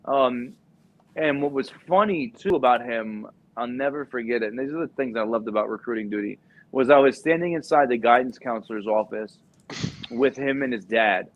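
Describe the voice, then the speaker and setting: A man's voice: mid-range voice, moderate pace, muffled recording. A man in his thirties, a former recruiter, telling a rambling story full of "like" and "you know". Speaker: podcast guest, former Marine recruiter. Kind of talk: casual storytelling.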